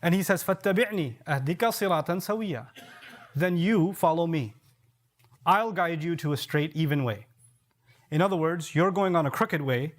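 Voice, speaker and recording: A man preacher giving a sermon, explaining verses through rhetorical questions and repeated key points, with quick Arabic recitation. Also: on the high side.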